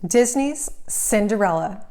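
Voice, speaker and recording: A woman narrating a children's storybook aloud, clear, gentle and expressive. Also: mid-range voice, measured pace, faint music behind.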